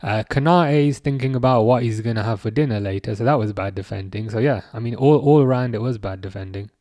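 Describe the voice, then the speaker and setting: A man's voice: medium pitch, quick pace, mellow, no room sound. A young man hosting a live stream, reading viewer chat aloud and answering in a chatty, self-correcting way. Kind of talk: casual live chat commentary.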